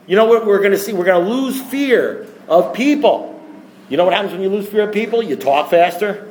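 Male recovery-meeting speaker, higher register, repetitive and emphatic, rhetorical delivery. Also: expressive, fairly quick, a little mellow, poor audio. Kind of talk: impassioned talk to a group.

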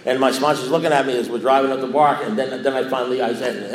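A man's voice: mid-range voice, fast, slight background noise. A man sharing a recovery story, rambling and repeating himself, playfully acting out what others said. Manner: repetitive, self-mocking, acts out quoted lines. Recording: echoey room.

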